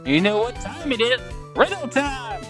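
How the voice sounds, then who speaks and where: A man's voice: very high voice, animated, normal speed, music in the background, pitched above the performer's own voice. A man voicing an upbeat male clown who tells corny riddles in a showy, sing-song way.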